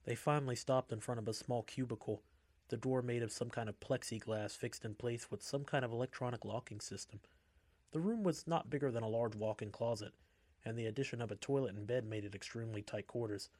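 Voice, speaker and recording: A man reading a story aloud in a steady, measured way. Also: medium pitch, no echo.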